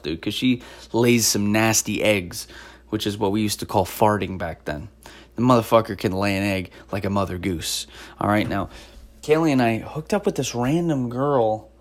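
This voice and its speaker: A woman hosting a podcast in a casual monologue, ranting with sarcasm and lots of swearing and rambling between topics. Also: extremely low pitch. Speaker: podcast host; former stand-up comic.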